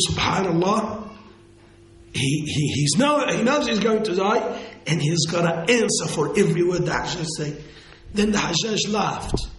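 A male Islamic lecturer telling a story in a lecture, halting and restarting phrases, slowing down for emphatic quotes. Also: high-pitched. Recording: echoey room with faint noise.

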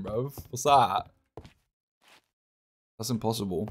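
A young man, chatting casually and joking while playing a game, often swearing and getting excited. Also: on the low side, a little slow, pauses often. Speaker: gaming streamer.

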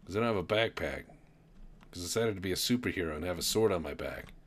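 A man giving casual gameplay commentary with wry, deadpan asides. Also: deep voice, fast talker. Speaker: gamer.

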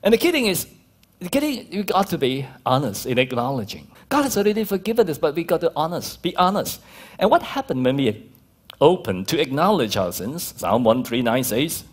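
A man's voice: fairly high pitch, brisk. A male pastor with a Malaysian accent, preaching a sermon and telling stories with acted-out quotes. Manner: lively storytelling with laughs and acted-out quotes.

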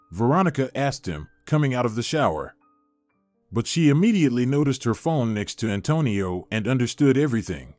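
A man reading a scripted drama story as narrator in a steady storytelling manner. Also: mid-range voice, moderate pace, dry recording, soft background music.

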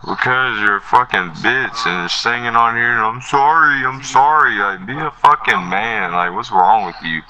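A man's voice: fairly low pitch, normal speed, few pauses, sharp tone, low-quality recording. A man trash-talking and cursing angrily over game voice chat. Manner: hostile, profane, insulting. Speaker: opposing player. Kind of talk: angry voice-chat trash talk.

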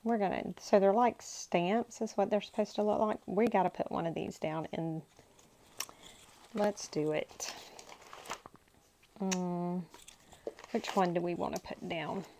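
A woman's voice: fairly low pitch, steady tone, measured pace, vocal fry, pauses often, dark tone, a little hiss or hum, rough recording. A woman hosting a crafting channel, chatting casually and gushing to herself as she unboxes paper supplies. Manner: gushing, talks to herself while handling paper.

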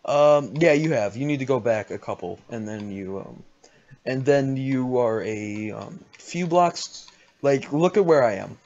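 Playful young man, lively voice, lo-fi chat. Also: mid-range voice, measured pace. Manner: laughs often, playful and joking. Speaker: Let's Play gamer. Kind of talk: casual gaming chat. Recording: lo-fi game chat audio.

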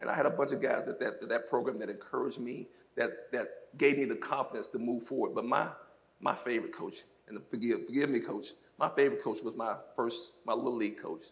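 A man from South Mississippi, a former football player, giving an animated testimony on a church stage, laughing often as he tells stories. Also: mid-range voice, fairly quick, creaky. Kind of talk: onstage interview testimony. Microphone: handheld microphone.

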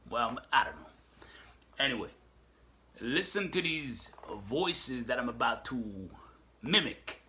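A man's voice: mid-range voice, pushed and bright. A man vlogging casually, playful and questioning as he talks. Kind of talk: casual talk to camera.

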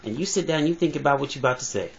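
A man voicing a brash, excitable comic who trash-talks rapidly in an impression. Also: on the high side, vocal fry, voice pushed up. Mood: bickering. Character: fast-talking, high-voiced comic man, brash and defensive. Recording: dull lo-fi phone recording.

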